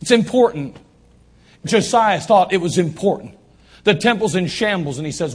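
Husky high-voiced male preacher. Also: expressive, normal speed. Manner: emphatic preaching with repeated phrases. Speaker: pastor. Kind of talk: sermon. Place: church sanctuary.

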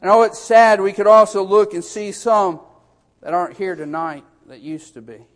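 A man delivering a fervent sermon in a somewhat high voice. He presses each point with a repeated "hey" and climbs into urgent, rising appeals. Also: fairly even intonation, moderate pace. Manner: builds to urgent, rising exhortation. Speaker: preacher.

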